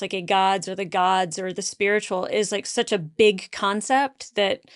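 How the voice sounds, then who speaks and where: A woman's voice: mid-range voice, clean tone. A woman speaking as a guest on a casual panel, earnest and reflective.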